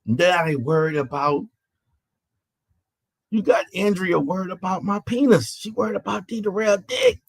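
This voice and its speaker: Stream host, male, slightly high husky voice, animated, mocking and profane, repetitive restarts. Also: moderate pace, no room sound. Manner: mocking, profane, repeats phrases with stammered restarts. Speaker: online panel host. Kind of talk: heated live-stream rant.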